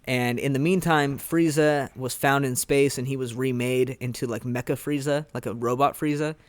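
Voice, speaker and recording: Rambling, excitable man recapping an anime. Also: mid-range voice, normal speed, no echo. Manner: rambling and excitable, heavy use of filler words. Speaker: podcast host reviewing anime. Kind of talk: casual chat.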